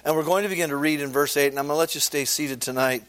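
A man pastor preaching an evening sermon in a conversational way, asking rhetorical questions and reading scripture aloud, clearing his throat now and then. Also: on the high side, steady tone, very fast, a bit bright. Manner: conversational preaching, frequent rhetorical "okay?" and "amen?"; reads scripture aloud in old-fashioned wording.

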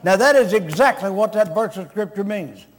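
High-voiced preacher in an echoing hall. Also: male voice, lively intonation, normal speed. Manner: blunt, scolding, joking with the congregation. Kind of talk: revival sermon. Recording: long reverb of a large hall.

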